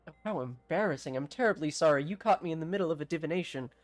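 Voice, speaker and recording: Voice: mid-range voice, expressive, rapid-fire, lightly acted. A streamer reading out a frantic, over-polite woman mayor of a village from a game, with a put-on voice. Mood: flustered polite. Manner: frantic, then falsely composed and over-polite. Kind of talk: reading game dialogue aloud.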